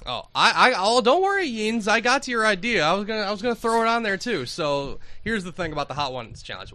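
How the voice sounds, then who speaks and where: Lively male stream host with a sharp, bright voice; eager, laughs a lot. Good for casual group chat. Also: fairly high pitch, dry recording. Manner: excitable, laughs often, restarts. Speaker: stream host reading donations.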